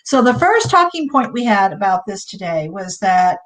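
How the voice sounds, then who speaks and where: A woman co-hosting a casual faith chat, conversational and quick to laugh. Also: medium pitch, very animated, a bit bright, rough recording. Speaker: co-host.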